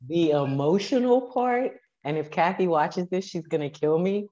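A woman powerlifting coach, a podcast guest, telling stories in a lively, animated way and acting out what people said. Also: lowish voice, moderate pace, muffled recording. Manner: animated, acts out quoted dialogue. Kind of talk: casual storytelling interview.

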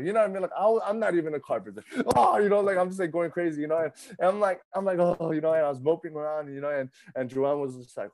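A pastor in his thirties preaches in a conversational, animated style, often repeating himself and acting out his own thoughts. He talks fast, a little high, with few pauses.

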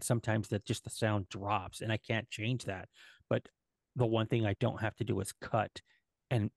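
A man co-hosting a podcast live, talking casually with many halting restarts and fillers. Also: lowish voice, gravelly, no room sound, studio quality. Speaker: podcast co-host and editor. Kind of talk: casual live-stream chat.

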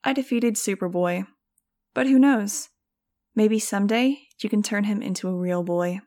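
A woman puts on a sarcastic teenage girl for an audiobook. She mocks and wisecracks, her voice lifted a little higher and pushed louder than the narration around her. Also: moderate pace, close to an everyday voice. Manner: mocking, wisecracking. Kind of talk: audiobook reading.

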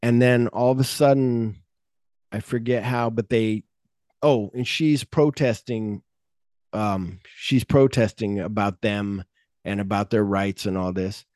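A man hosting a podcast, retelling a film script in a rambling, animated way and acting out bits of dialogue. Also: on the low side, measured pace, dry recording, studio quality. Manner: rambling, animated plot retelling with acted-out quotes. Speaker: podcast host. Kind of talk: casual podcast chat.

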